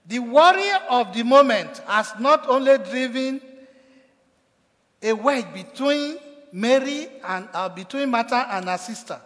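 In an echoey hall, a man with an extremely high-pitched, fairly bright, animated voice preaches a sermon as pastor, speaking a little slowly. He delivers it emphatically, acting out quoted cries that build in force.

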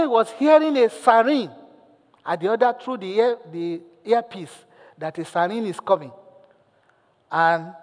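A male pastor delivers a sermon, his voice pitched high and carrying a long hall reverb. He tells a story animatedly, acting out the lines, and keeps turning to the congregation with questions.

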